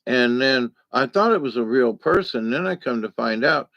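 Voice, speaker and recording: Gravelly folksy man. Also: medium pitch, lively intonation, normal speed, fairly bright tone, dry recording, highs cut off. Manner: folksy, digressive, full of fillers. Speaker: vlogger. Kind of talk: casual rambling monologue.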